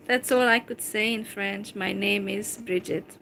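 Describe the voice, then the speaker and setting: A Hungarian woman talking to camera in English with a Hungarian accent, replying to a viewer slowly and hesitantly, with many fillers. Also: medium pitch, steady tone, vocal fry, a bit bright, a little hiss or hum, poor audio. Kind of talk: casual talk to camera.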